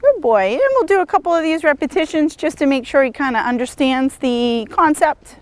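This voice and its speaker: A woman horse trainer calmly demonstrating lunge work outdoors, encouraging and steady as she explains each step. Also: high-pitched, brisk. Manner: calm, encouraging, praises the horse often. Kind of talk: instructional demonstration.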